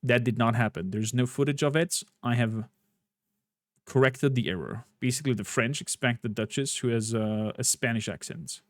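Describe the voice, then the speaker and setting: Speaking at a moderate pace in a medium-pitched voice, a man recaps his game on a stream with casual, rambling commentary full of fillers. The sound is clean studio quality with no echo, and faint game music plays in the background.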